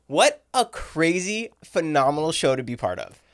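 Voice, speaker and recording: A man's voice: on the high side, very animated, normal speed, a bit bright. A man hosting a podcast, introducing his guest and asking questions in an eager, upbeat way. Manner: upbeat, eager host delivery. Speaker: podcast host.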